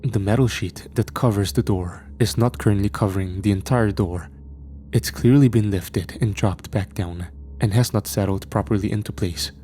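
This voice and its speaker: A man narrating a first-person horror story in a tense, measured way. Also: lowish voice, mellow.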